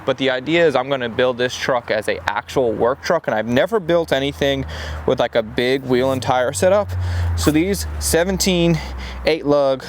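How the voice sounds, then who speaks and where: A young man casually vlogging about a truck build, relaxed and peppered with "dude". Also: medium pitch, normal speed. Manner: laid-back, says "dude" a lot. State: out of breath. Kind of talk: casual shop vlog talk. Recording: noisy outdoor camera audio.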